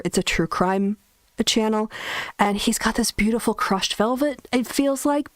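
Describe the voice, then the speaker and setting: A woman's voice: mid-range voice, dry recording. A woman hosting a casual livestream from her bedroom, chatting in a rambling way and laughing often. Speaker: host. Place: bedroom, sitting on bed. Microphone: soundproofed desk mic.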